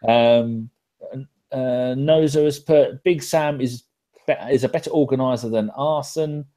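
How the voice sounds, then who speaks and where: A man's voice: medium pitch, measured pace, warm tone. A man hosting a casual live podcast, bantering with lots of swearing and reading out viewer comments. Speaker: podcast host.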